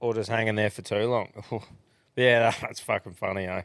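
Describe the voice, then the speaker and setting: A man's voice: lowish voice, fairly even intonation, fairly quick, creaky, a bit bright, no echo. An Australian man in his thirties co-hosting a podcast, chatting in a laid-back, blokey way and swearing freely. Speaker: podcast co-host. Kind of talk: casual banter.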